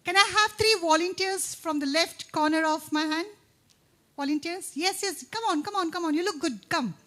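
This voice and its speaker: High-voiced upbeat woman emcee. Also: bright, forceful tone. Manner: upbeat, coaxing, rattles off tongue twisters fast. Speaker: event emcee. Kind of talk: lively stage hosting. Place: campus event hall.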